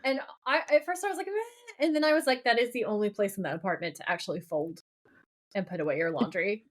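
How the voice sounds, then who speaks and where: A woman co-hosting a casual podcast, excitedly recapping a TV episode and reading out quotes. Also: medium pitch, fast. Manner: animated, reads quotes aloud with enthusiasm. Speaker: podcast co-host.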